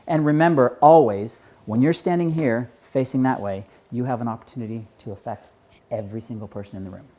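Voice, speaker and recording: A man's voice: mid-range voice, brisk, mellow. A man giving a keynote on public speaking to a live audience, conversational and often checking in with "right?". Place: stage before a live audience.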